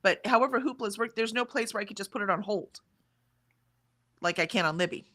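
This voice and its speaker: Bright-voiced chatty woman. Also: mid-range voice, fairly quick. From Texas, USA. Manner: chatty, reads comments aloud, animated. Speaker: livestream co-host. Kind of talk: casual chat reading out live chat.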